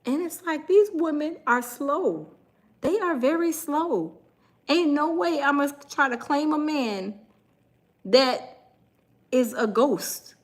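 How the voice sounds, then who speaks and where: A woman hosting a casual livestream, sassy and animated, reading comments from the chat. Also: high voice, slow pace. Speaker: livestream host.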